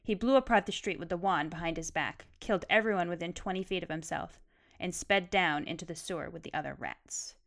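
A woman reading aloud as a guilt-ridden, haunted grown man, quiet and heavy. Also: fairly low pitch, fairly quick, creaky, hardly any pauses. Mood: remorseful.

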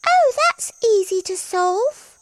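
A woman voicing a small, chatty, eager mouse in a storybook reading, with a squeaky, drawn-out voice. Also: very animated, a little hiss or hum, full character voice.

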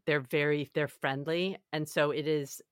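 A woman's voice: sits low, steady tone, a little slow, no room sound, clean studio sound. A woman chatting as a podcast guest, talkative and laughing often. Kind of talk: casual chat.

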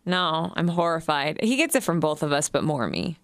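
A woman's voice: deep voice, expressive, moderate pace, no room sound. A woman in her thirties co-hosting a casual chat, telling stories with animation and laughter. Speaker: show co-host.

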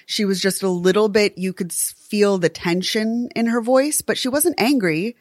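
A woman's voice: mid-range voice, moderate pace, no room sound, studio quality. A woman co-hosting a true crime podcast, talking earnestly and emphatically and swearing when worked up. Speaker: podcast co-host.

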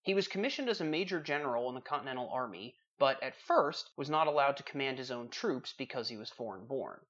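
A man's voice: medium pitch, animated, quick pace, a bit bright, highs cut off. A man hosting a trivia podcast, chatting casually and reading out questions and facts in a dry way.

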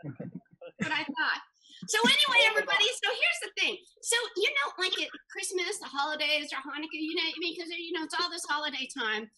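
Brash, high-voiced teasing woman. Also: lively intonation, fairly quick, bright, forceful tone, rough recording. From Kentucky. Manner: brash, teasing, talks over others. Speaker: podcast host. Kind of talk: rowdy podcast banter.

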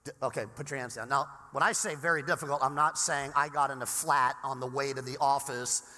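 A male pastor from Southern California preaching a sermon in a casual, animated way, with frequent restarts. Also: medium pitch, fairly quick. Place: large church sanctuary. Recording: long reverb in a church hall.

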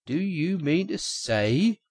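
A man voicing a brisk, kindly male water rat who is easily exasperated, speaking emphatically. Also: mid-range voice, very animated, gravelly, husky, no echo, exaggerated voice. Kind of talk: audiobook character reading.

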